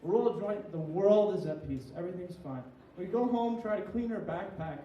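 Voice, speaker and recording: A man's voice: high-pitched, normal speed, dull audio, slight background noise. A young man, a little tipsy, doing a crude, rambling, self-deprecating stand-up comedy set at a small venue. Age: young adult. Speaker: stand-up comic. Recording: echoey room, heard from a distance.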